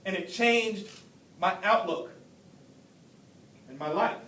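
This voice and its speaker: A man in his forties from Brooklyn giving an earnest motivational keynote speech, telling stories with deliberate pauses. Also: expressive, a bit bright. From Brooklyn, New York. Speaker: keynote speaker. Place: large hall at a ceremony. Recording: echoey hall, distant mic, faint rumble.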